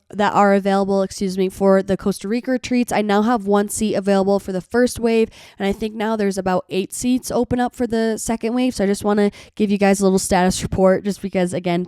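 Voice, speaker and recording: A young woman hosting her own solo podcast, a little hoarse from being sick, talking in an earnest, chatty way with lots of "like". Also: mid-range voice, dark tone, dry recording, clean studio sound. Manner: chatty, earnest, heavy use of "like". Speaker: podcast host. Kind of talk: solo motivational podcast talk.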